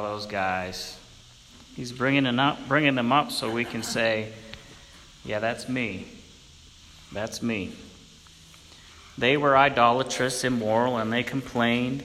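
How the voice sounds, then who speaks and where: A man preaching a sermon, hoarse from a cold, speaking slowly and deliberately with emphatic repetition. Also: mid-range voice, steady tone, bright, forceful tone, in a large hall, a little hiss or hum.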